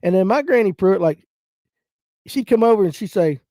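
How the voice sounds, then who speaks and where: A man's voice: high-pitched, lively intonation, normal speed, dark tone, dry recording, studio quality. A man in his fifties with a North Georgia Southern accent, hosting a casual livestream chat, reading viewer comments and telling folksy family stories. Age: 50s. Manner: folksy storytelling, acts out relatives' voices. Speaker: livestream host.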